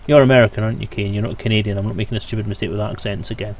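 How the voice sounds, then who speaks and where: A man's voice: fairly low pitch, fairly even intonation, very fast, slight background noise. A British man from Scotland, streaming a game and chatting casually with his viewers as he plays. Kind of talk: casual live-stream gaming commentary.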